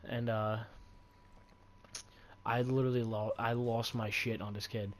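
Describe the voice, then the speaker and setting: A man's voice: medium pitch, flat delivery, a little slow. A young man telling a long, heated and profane story in a rambling way while playing a video game, talking into a mic at his home setup. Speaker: gaming video host. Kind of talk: casual storytelling over gameplay.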